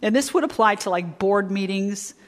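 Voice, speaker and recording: Woman, middle-aged, church workshop speaker, audience fill-in questions, slow emphasis, mid pitch, long hall reverb. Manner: slow, emphatic stress on key words. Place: church sanctuary.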